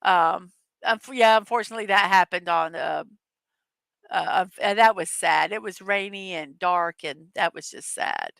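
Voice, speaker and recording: A woman's voice: on the low side, measured pace, gravelly, fairly bright tone, dry recording. A middle-aged woman hosting a casual morning chat show, telling rambling stories and laughing often. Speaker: host.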